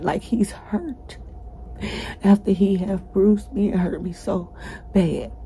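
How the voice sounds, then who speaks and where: Brief: woman, breathless and tearful, pleading testimony, very dark tone, faint background hiss. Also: lowish voice, creaky, rough recording. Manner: urgent, pleading, breaking into tears. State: breathless, cried out. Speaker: person recounting a jail ordeal. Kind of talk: emotional first-person testimony to viewers.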